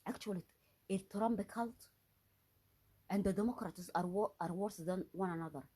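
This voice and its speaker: A woman talking alone to camera in a husky, slightly breathy voice. She sounds agitated and accusatory, breaking off mid-phrase and repeating words with rising emphasis. Her pitch sits in the middle range for a woman. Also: moderate pace, dark tone. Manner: agitated and accusatory, with frequent restarts and repetitions. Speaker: vlogger. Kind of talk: unscripted solo monologue.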